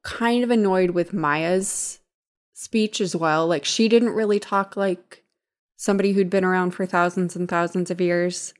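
A woman's voice: on the low side, fairly even intonation, measured pace. A young woman co-hosting a casual chat, blunt and sardonic and swearing freely. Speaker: podcast co-host.

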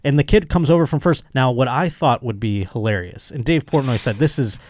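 A man's voice: mid-range voice, a little fast, darkish tone. A man hosting a podcast, telling stories in a crude, joking way and slipping into mocking voices. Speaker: podcast host. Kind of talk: casual comedic monologue.

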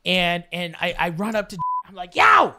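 A young man from Canada telling a rambling, profane story in casual chat, acting out scenes with loud bursts. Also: high voice, moderate pace, noisy background. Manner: rambling, profane, animated, acts out the scenes with shouts. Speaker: storyteller guest.

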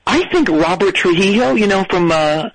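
A man's voice: high voice, animated, normal speed, poor audio. A man playing a jittery, hyped-up caller on a comedy call-in show, rambling from tangent to tangent. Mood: wired. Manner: wired, rambling, jumps between tangents. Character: jittery hyped-up adult male caller, rock-band hanger-on. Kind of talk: comedic prank-call character.

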